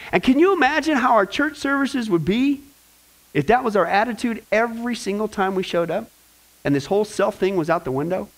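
A man preaching a church teaching sermon as pastor, lively and full of joking asides to the congregation. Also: high voice, poor audio.

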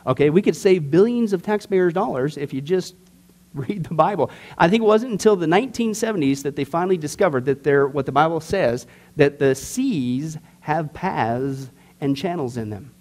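Bible class teacher, a man with a somewhat high voice, informal and emphatic, quizzes his group. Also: lively intonation, moderate pace, a little mellow. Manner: emphatic, joking, asks the class questions.

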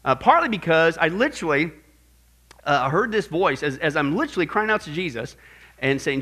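A middle-aged man teaching a church class on apologetics, animated and often asking the audience questions. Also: fairly high pitch, a little fast. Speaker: Bible teacher.

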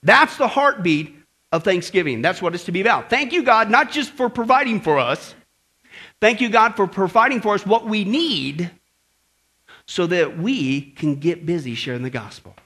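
A man preaching a sermon as pastor, with lively asides and frequent "okay?" and "right?" checks to the congregation. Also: high-pitched, moderate pace, husky.

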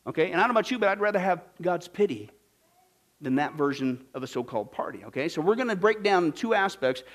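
A man from Kansas preaching a sermon as a pastor, animated and jokey, swinging from loud bursts to hushed asides. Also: sits high, quick pace. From Kansas, United States. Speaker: pastor teaching a Bible study.

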